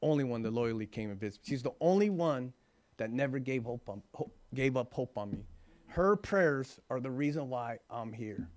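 A man's voice: mid-range voice, animated, normal speed, a little mellow. Earnest man in his forties sharing testimony. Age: 40s. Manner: earnest and emphatic, often asks "right?". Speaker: recovering alcoholic sharing his story. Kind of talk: personal recovery testimony.

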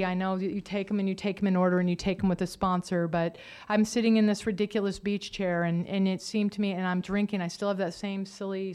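A woman's voice: mid-range voice, a little mellow, clear, resonant tone. A woman telling her own recovery story to a group, candidly, acting out the voices of the people in it. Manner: candid storytelling, acts out quoted relatives. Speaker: recovery speaker. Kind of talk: personal testimony talk.

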